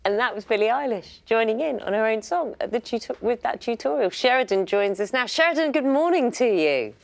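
A woman presenting a breakfast news show, interviewing a guest in a measured way and laughing easily. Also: on the high side, animated, gravelly. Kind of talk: live TV interviewing.

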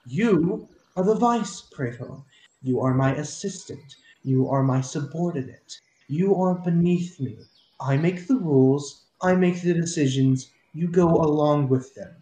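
Brief: domineering female commander, man doing the voice, slow, deliberate commands, mellow tone. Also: a little high, echoey room, voice pushed up, close to an everyday voice, low-quality recording. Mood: commanding.

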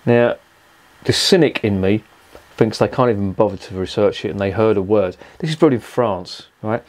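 A man's voice: fairly low pitch, moderate pace, a little mellow. A man reviewing a beer in a rambling, profane, exasperated rant. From England. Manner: swears constantly, rambling and exasperated.

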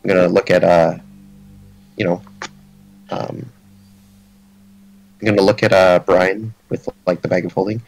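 A man's voice: sits low, fairly even intonation, measured pace, creaky, pauses often, a little mellow, faint music behind, rough recording. A man playing a tabletop game, chatting casually and rambling a little.

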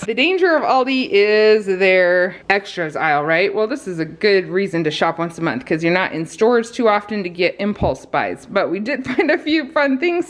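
Chatty, breathless woman. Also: mid-range voice. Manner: chatty, laughs often between items. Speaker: vlogger showing a grocery haul. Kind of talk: casual chat.

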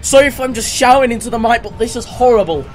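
A young man with a notably high voice, commenting on a horror game as he plays. He jumps and screams easily and repeats short phrases in nervous bursts. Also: fast, raised voice, soft background music. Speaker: gaming YouTuber.

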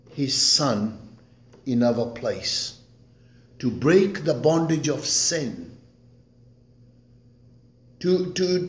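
A male pastor preaching a sermon slowly and emphatically, swinging between loud declarations and hushed, soft phrases. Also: a little high. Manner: slow, emphatic preaching with dramatic swings in loudness. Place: church sanctuary. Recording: echoey church room.

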